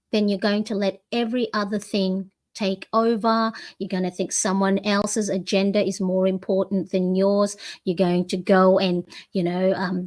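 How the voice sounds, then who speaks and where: A woman's voice: medium pitch, a little mellow, no room sound. A woman in her forties hosting a motivational planner talk, encouraging and repeating affirmations, with many "you know"s. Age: 40s. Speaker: planner coach and channel host. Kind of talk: motivational live plan-with-me talk.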